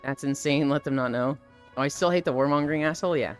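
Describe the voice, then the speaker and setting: This young woman streamer has a low-pitched voice and a quick pace, with soft background music playing. In a casual live-stream chat, she rants animatedly about a game's story and swears freely.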